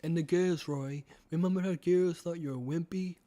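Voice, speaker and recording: Sinister older villain with a put-on British accent, high and coaxing, voiced by a man; horror storybook reading. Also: steady tone, mellow, close to an everyday voice. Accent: attempted British. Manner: coaxing, drawn-out, repeats the boy's name. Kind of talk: reading a horror novel aloud.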